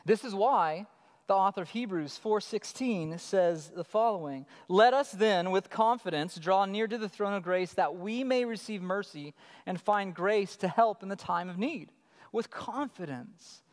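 A man in his thirties preaching a sermon as pastor, telling stories in an animated way and acting out his child's calls. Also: high-pitched. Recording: long hall reverb.

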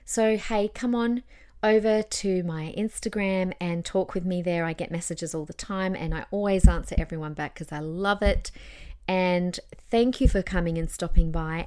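A woman's voice: fairly low pitch, a little mellow. A woman hosting a solo podcast, chatty and encouraging, giving public speaking tips and acting out tones of voice. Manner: chatty and encouraging, demonstrates tones with her own voice. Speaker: podcast host.

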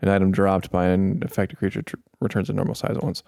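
Low gravelly man reading game rules. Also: level tone, fast, a little mellow, no echo, clean studio sound. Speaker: player. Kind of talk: reading spell rules aloud.

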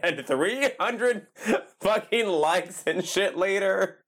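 A man's voice: high voice, animated, slow, a bit bright. A man co-hosting a podcast, telling a story in casual chat and laughing often. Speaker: podcast co-host.

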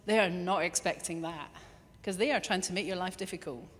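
A woman's voice: fairly low pitch, a little fast. Woman preaching in a reverberant hall. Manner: lively, acts out little quoted voices. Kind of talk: sermon.

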